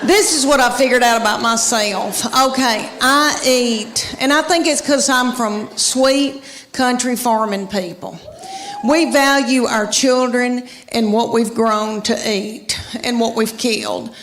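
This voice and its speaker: A woman's voice: fairly high pitch, slow pace, fairly bright tone. A middle-aged woman with a Southern US accent doing a stand-up set, telling drawling family stories on stage. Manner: drawling storyteller acting out family voices. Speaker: stand-up comedian. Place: theater stage before a laughing audience. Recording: live hall reverb with audience noise.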